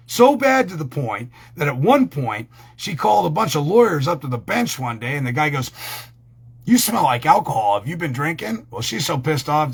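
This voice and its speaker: Brief: profane male host, husky voice, pitch swings wide, rambling and heated. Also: a bit bright. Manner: rambling, crude, heated and emphatic. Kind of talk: profane ranting talk.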